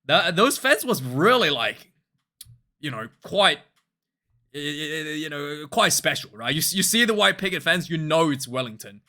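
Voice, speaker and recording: A man hosting a casual rugby match review vlog, talking in an animated, rambling way with frequent laughs. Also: on the high side, moderate pace.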